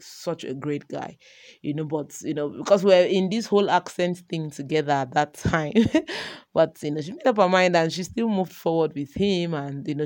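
A woman's voice: low-pitched, darkish tone. A woman, coaching in an informal recorded course talk and often checking in with her listener. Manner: chatty, keeps checking in with listener. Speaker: relationship coach.

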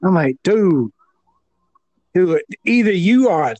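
A man with a Southern American accent chatting about wrestling, animated, restarting his sentences. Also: fairly high pitch, a little slow, no echo. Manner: animated, stammering restarts, loud impressions. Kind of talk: casual wrestling chat.

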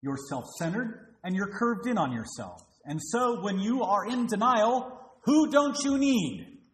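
A man's voice: high voice, animated, a little slow. A man preaching a sermon as pastor, emphatic and full of rhetorical questions to the congregation, recorded in a church. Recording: roomy echo.

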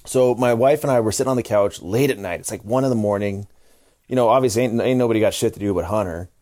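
A man's voice: on the low side, fast, dark tone. A married man co-hosting a podcast, telling a story in laid-back casual chat, with frequent swearing. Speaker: podcast co-host.

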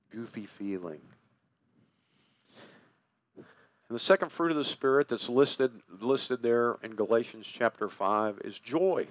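Slow, low-voiced folksy preacher man. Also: no echo. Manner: folksy, conversational, slows to stress key words. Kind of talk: sermon.

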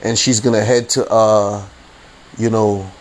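A man's voice: lowish voice, little pitch movement, a little slow. A man hosting a podcast, telling a story in a casual, slangy, rambling way and repeating his phrases. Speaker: podcast host.

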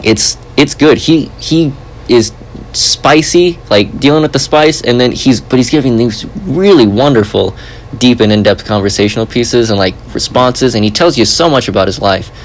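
A man hosting a podcast in casual chat, rambling and joking with animated asides. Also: medium pitch, moderate pace, slight background noise, poor audio. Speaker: podcast host.

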